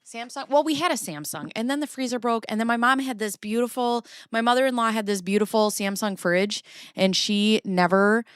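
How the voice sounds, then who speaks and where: A woman in her thirties hosting a commentary show, telling a story in a casual, profane, animated way. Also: on the high side, a little fast, clear, resonant tone, no echo, clean studio sound. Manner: profane, expressive, animated retelling.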